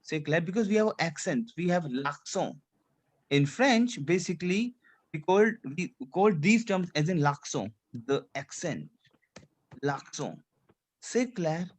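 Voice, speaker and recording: A male French teacher leads a class in English, drilling points over and over and asking students to repeat after him, with French check-ins like "c'est clair" dropped in. His voice is on the high side, with big pitch swings and a measured pace.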